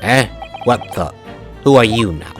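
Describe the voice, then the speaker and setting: A man voicing a gruff, quarrelsome street man who talks in a blustering, indignant way. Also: lowish voice, animated, a little slow, music in the background, pitched above the performer's own voice.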